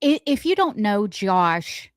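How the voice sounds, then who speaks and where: A woman co-hosting a radio morning show, telling everyday stories in a chatty, animated, self-deprecating way. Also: medium pitch, takes it slowly, no echo, clean studio sound. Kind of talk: casual storytelling chat.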